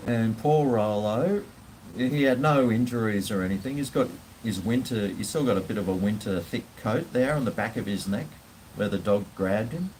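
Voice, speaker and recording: A man's voice: on the low side, moderate pace, darkish tone, a little hiss or hum, low-quality recording. Rambling man telling a story. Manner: rambling, hesitant, swears casually. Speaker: vlogger. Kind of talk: casual storytelling.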